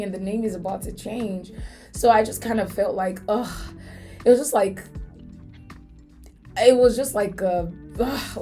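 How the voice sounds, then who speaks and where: A woman's voice: mid-range voice, warm tone. A woman hosting a faith podcast, telling a story in an earnest, emotional way. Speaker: podcast host.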